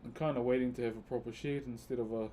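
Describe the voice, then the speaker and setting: A man's voice: mid-range voice, fairly even intonation, fast, dark tone, slight background noise. A man chatting casually on a live stream, thanking viewers by name and using Maori words. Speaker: live streamer and wood carver.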